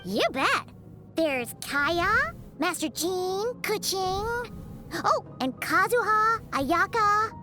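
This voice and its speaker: A woman voicing a tiny, excitable female companion sprite in a video game, chatty and childlike. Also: extremely high pitch, very slow, soft background music, exaggerated voice. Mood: chirpy. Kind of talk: game voice acting.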